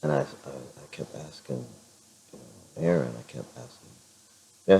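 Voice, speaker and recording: A middle-aged man chatting in a casual vlog with a hoarse, raspy voice, rambling with many fillers and restarts. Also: extremely low pitch, normal speed, long pauses, mellow, low-quality recording. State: clears throat now and then. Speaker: vlogger.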